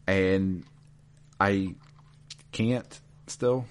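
A man with a very deep voice talks through a video game story in easygoing chat. He rambles a little and fills gaps with ums and uhs as he goes. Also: drawn-out words. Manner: relaxed, rambling, filler-heavy.

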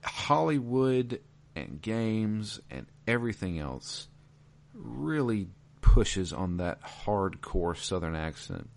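A man's voice: on the low side, slow, gravelly. A man from the American South, chatting casually as a podcast co-host and recounting a video game with many fillers. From Georgia, US South. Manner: relaxed, rambling with many fillers.

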